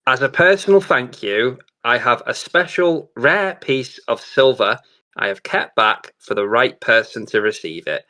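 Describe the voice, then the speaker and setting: A man's voice: mid-range voice, sharp tone. A man hosting a casual live stream, earnestly chatting to viewers as he opens a gift. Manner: earnest, chatty, talks to viewers while unboxing. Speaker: show host. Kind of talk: casual livestream chat. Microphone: camera on a tripod.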